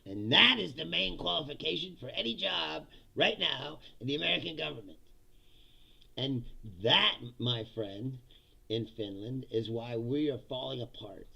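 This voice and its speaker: A man hosts a political comedy show, reading chat comments aloud during a casual livestream and ranting sarcastically with plenty of swearing. His mid-range voice is gravelly and bright, animated yet unhurried, with a forceful tone.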